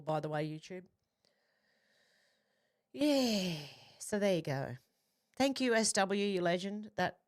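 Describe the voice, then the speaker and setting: Chatty woman reading out viewer comments. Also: mid-range voice. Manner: chatty, quick asides between comments. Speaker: livestream host.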